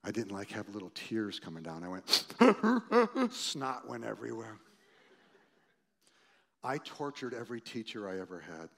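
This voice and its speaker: Pastor, man, 60s, storytelling sermon, lively and shifting in loudness. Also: normal speed, gravelly, pauses often. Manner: animated, acts out quoted voices loudly, then drops low and quiet.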